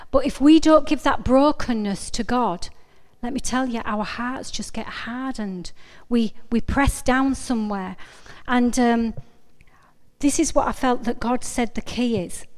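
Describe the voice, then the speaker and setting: A woman's voice: a little high, unhurried, darkish tone. A middle-aged woman giving an informal, earnest sermon, chatty and often breaking off to correct herself. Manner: chatty, self-interrupting, earnest. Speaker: preacher. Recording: long reverb of a hall.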